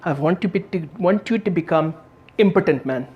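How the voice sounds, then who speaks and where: A man's voice: normal speed, dull audio, natural voice. A man voicing an older immigrant mother with a thick Indian accent who speaks broken English. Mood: earnest. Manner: broken English, sudden high shrieks.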